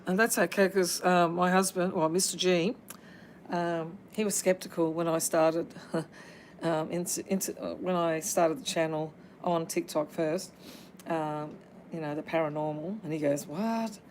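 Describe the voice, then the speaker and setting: A woman's voice: fairly low pitch, level tone, a little hiss or hum, rough recording. A woman hosting a paranormal livestream. She chats casually, calls out to spirits, and fills her talk with ums and uhs. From Australia. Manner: halting, full of ums and uhs.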